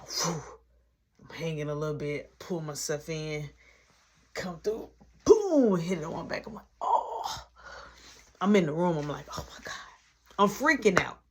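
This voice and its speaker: A woman's voice: deep voice, slightly rough. A young woman vlogger telling a personal story in a casual way. She retells it dramatically, dropping into whispered asides.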